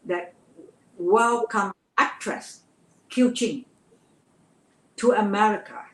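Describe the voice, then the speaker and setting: An older woman from Vietnam with a Vietnamese accent, a guest telling her life story in an interview, earnest and halting, often repeating words. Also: mid-range voice. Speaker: guest, actress. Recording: roomy echo.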